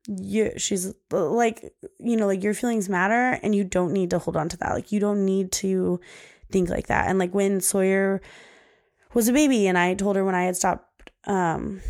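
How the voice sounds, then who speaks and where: Chatty young woman with a gravelly edge. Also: mid-range voice, darkish tone. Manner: chatty, peppered with "like". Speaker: podcast host. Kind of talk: casual chat.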